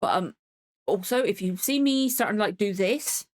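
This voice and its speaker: A woman's voice: mid-range voice, moderate pace. A woman hosting a reaction video, talking casually to camera in a rambling way, full of asides and swearing, sore and cold as she speaks. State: in pain and cold. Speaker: reaction channel host.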